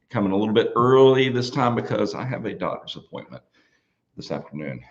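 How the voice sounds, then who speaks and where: A man hosting a casual live Q&A from a small studio, talking in a relaxed, folksy way with plenty of fillers and restarts. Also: medium pitch, normal speed, lo-fi sound. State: out of breath. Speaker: parts company host answering viewer questions.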